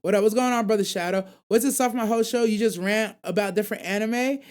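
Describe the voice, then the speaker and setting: A man's voice: high-pitched, fast, smooth. A young man hosting an anime call-in radio show, chatting casually and reading viewer comments in loose, slang-heavy rambles.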